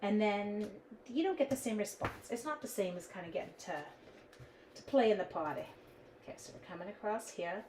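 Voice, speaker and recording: A woman's voice: medium pitch, brisk, reverberant, noisy background. A woman hosting a casual live-stream craft demonstration from her home craft room, chatting with viewers in the chat as she works. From Canada.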